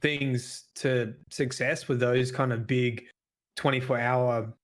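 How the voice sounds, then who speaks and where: A man's voice: medium pitch, fairly even intonation, slow pace. Australian man musing in podcast chat. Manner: musing, stammering restarts. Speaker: podcast co-host. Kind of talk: casual chat.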